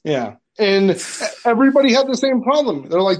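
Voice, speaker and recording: A man's voice: high voice, very animated, moderate pace. A man, a film director, chatting casually on a podcast, telling crude anecdotes and laughing often.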